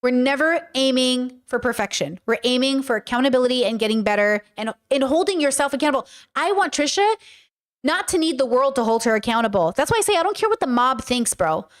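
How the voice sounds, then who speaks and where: A woman's voice: high-pitched, expressive, brisk. A woman hosting a casual reaction commentary, talking bluntly and emphatically with a lot of swearing. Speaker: commentary host.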